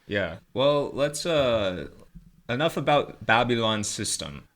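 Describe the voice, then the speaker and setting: A man in casual podcast chat, wry and deadpan with some hesitation. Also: medium pitch, takes it slowly.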